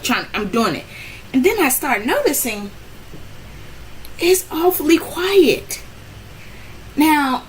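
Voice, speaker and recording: A woman telling a personal story in a casual storytime vlog, animated and rambling with many restarts, her voice jumping up when she relives the frustration. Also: a little high, slight background noise, poor audio. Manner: rambling with frequent restarts and "I'm like".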